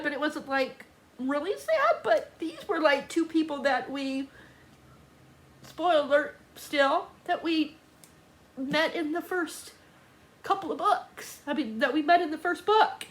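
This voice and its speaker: Tearful, high-voiced woman book vlogger. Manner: emotional, laughing through tears, chatty. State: crying. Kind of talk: casual reading vlog.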